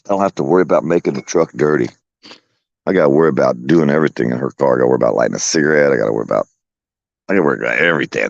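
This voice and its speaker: A man's voice: very deep voice, rapid-fire, gravelly, no echo, muffled recording. A man, chatting casually from his porch and telling profane, folksy stories with plenty of laughter. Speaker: vlogger talking to his viewers and pets. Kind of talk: rambling casual porch chat. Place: outdoors on a home porch.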